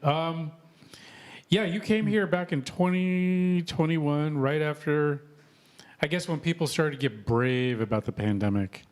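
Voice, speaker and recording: A man's voice: fairly high pitch, measured pace, clear, resonant tone. A man in his fifties, originally from Texas, hosting a casual live-stream interview. He talks in a chatty, punchy way and laughs often. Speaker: host.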